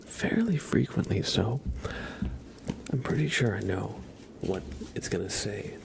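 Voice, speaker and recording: Soft-spoken guy doing live asmr at home, slow gravelly whisper, pitch wanders a lot. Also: animated, background noise. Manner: soft-spoken, chatty, playful. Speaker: ASMR livestream host. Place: at home with his cat. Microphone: close mic.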